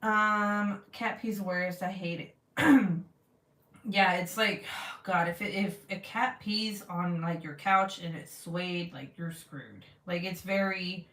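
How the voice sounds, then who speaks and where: A woman's voice: lowish voice, slow pace, fairly bright tone. A woman vlogger in her thirties chatting casually and bluntly, swearing freely as she tells a story. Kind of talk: casual chat to camera. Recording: roomy, from a distance.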